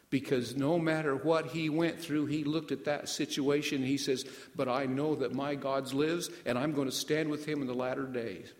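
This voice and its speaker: A male pastor preaching a sermon, stopping often to put questions to the congregation and slowing down to stress key words. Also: medium pitch. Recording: echoey hall, voice from off mic.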